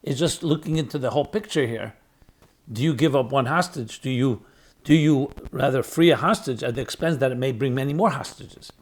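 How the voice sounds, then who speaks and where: Here a rabbi and podcast host lectures emphatically, his medium-pitched voice a little fast with a breathy edge. Stressing points by repeating key words, he thinks through arguments aloud and asks rhetorical questions.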